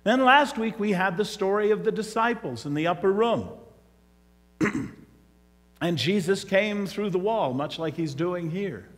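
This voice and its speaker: A man's voice: high voice, lively intonation, unhurried. A man giving a homily as a priest, telling the story vividly and voicing the characters along the way. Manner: storytelling, acting out the characters' lines. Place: church. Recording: long church reverb.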